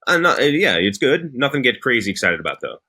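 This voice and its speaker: A man co-hosting a casual movie review chat, jokey and animated, talking in quick bursts. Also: mid-range voice, slightly rough. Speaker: podcast co-host.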